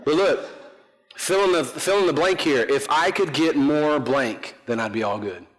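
Joking pastor preaching in a reverberant hall. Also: male voice, a little high, normal speed. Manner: conversational, joking, self-deprecating, asks the congregation questions. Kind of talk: sermon. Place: church sanctuary.

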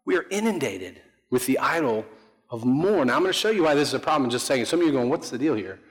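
Joking pastor preaching in a reverberant hall. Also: male voice, medium pitch, animated, racing. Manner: conversational, joking, self-deprecating, asks the congregation questions. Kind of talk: sermon. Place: church sanctuary.

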